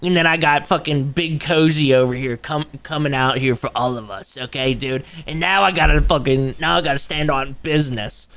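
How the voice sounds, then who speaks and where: Streaming live, a young man reacts to a video, rambling and cursing as he jokes with viewers and slips into mocking voices. His voice is fairly high, bright, clear and resonant, at a moderate pace with few pauses.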